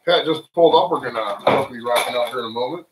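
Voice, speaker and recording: With background noise behind him, a man hosts a home livestream with friends, speaking rapid-fire at medium pitch. The chat is casual and rambling, loose, jokey, and full of swearing, captured roomy by a far-off mic.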